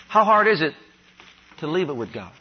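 High-voiced preacher man, lo-fi sound. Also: very animated, moderate pace, breathy edge. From Ohio, USA. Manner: has the congregation repeat declarations after him; rises louder and higher on repeated declarations. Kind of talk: sermon. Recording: dull lo-fi sound.

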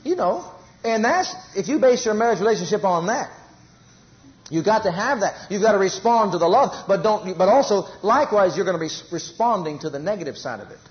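A man preaching a sermon in an animated way, repeating phrases for emphasis and acting out everyday quarrels. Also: high voice, brisk, highs cut off.

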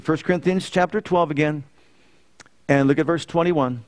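A man preaching a sermon as pastor, telling a story with swings from loud emphasis to quiet. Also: fairly high pitch, fairly even intonation, moderate pace. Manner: storytelling preacher, rising loud and emphatic then dropping soft. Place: church.

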